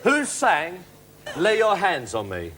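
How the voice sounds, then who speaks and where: High-voiced chatty man hosting a game show. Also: huge pitch swings, slow pace. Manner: chatty, teasing, upbeat. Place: TV studio with live audience. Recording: 1980s TV studio with loud audience and noise.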